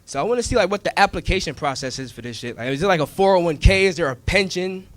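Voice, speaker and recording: Animated, profane male stand-up comic. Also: high voice, fast talker. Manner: profane, animated storytelling with acted-out voices. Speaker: stand-up comedian. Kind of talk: stand-up comedy. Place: comedy club stage with a live audience.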